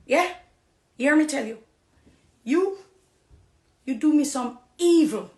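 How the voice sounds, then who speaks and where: A woman with a Jamaican accent gives an impassioned testimony, pleading one moment and loud and emphatic the next. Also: sits high, animated, takes it slowly, pauses often, echoey room.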